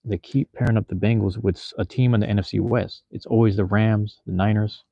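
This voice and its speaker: Laid-back, slangy low-voiced male streamer. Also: steady tone, a little fast, vocal fry, dry recording, highs cut off. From Seattle. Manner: loose, slangy, drops profanity, addresses chat. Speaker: livestream host. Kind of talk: casual livestream chat with viewers.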